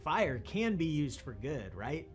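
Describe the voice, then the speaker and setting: A young man leads a kids' Bible lesson, explaining things patiently and cheerfully. His voice sits a little on the high side. Soft music plays faintly underneath. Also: sing-song, slow. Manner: patient, upbeat explaining to children. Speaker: children's ministry host.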